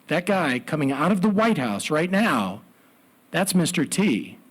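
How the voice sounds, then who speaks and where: A man's voice: a little high, very animated, a little slow, fairly bright tone, exaggerated voice. A man voicing an insistent woman coworker in his own everyday voice. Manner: insistent, matter-of-fact.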